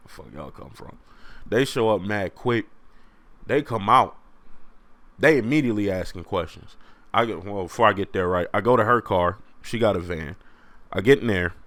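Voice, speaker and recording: A young man hosting a podcast alone, telling a story casually in slang, animated and often laughing. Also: fairly low pitch, dry recording. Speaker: podcast host.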